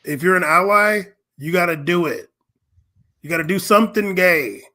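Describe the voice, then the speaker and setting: A man with a notably high voice co-hosts a casual commentary show. He jumps in with quick, indignant remarks and opinions. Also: sharp tone. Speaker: co-host.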